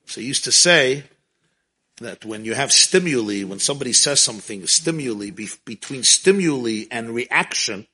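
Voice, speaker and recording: A man teaching a Torah class, telling stories in a lively way and mixing in Hebrew and Yiddish terms. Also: medium pitch, husky.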